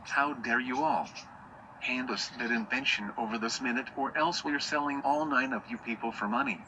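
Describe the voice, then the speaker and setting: A man's voice: mid-range voice, moderate pace, heavy background noise, lightly acted. A man voicing an angry synthetic cartoon guy.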